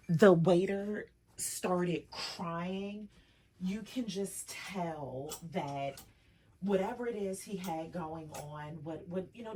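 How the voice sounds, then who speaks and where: A woman's voice: fairly low pitch, a little hiss or hum. A woman vlogger and personal stylist chatting casually while sorting clothes in her dressing room, emotional and chatty. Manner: chatty, emotional, choking up at times. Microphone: camera off, voice only.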